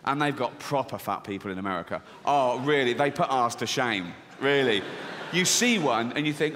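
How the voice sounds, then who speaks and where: A man's voice: mid-range voice, animated, moderate pace, fairly bright tone, slight background noise. A man with an English accent doing a stand-up routine, telling a story in a crude, sardonic way with frequent swearing. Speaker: stand-up comedian. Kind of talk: stand-up comedy. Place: large theatre stage. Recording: live show in large reverberant hall.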